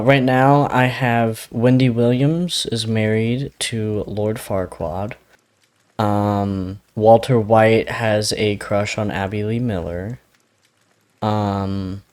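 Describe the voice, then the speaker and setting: A man's voice: lowish voice, darkish tone. A man co-hosting a podcast in casual chat, rambling with frequent laughs and casual swearing. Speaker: podcast co-host.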